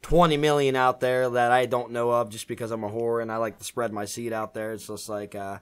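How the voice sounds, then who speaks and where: A man's voice: medium pitch, level tone, a little fast, smooth. Crude, boastful podcast co-host, a man. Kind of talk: casual podcast chat.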